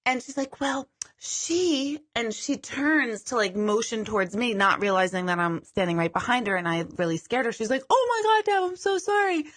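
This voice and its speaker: A woman's voice: mid-range voice, normal speed, fairly bright tone. A woman hosting a live stream as a psychic medium. She chats casually, mocks herself and swears now and then. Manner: chatty, self-deprecating, swears casually.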